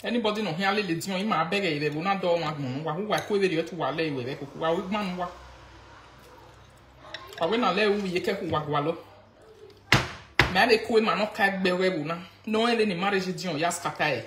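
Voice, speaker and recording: A woman's voice: fairly low pitch, brisk, roomy sound, slight background noise. A Nigerian woman ranting casually on a live video in mixed Pidgin and local languages. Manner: mixes Pidgin and local languages, mocking, animated. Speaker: social media commentator.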